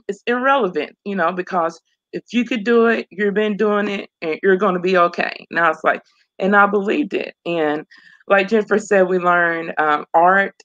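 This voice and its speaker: A woman's voice: mid-range voice, fairly bright tone. A woman speaking earnestly about her own life, returning to phrases and laughing between them. The sound is a bit dull and lo-fi, in the middle of her register. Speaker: program graduate guest. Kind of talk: emotional personal testimony.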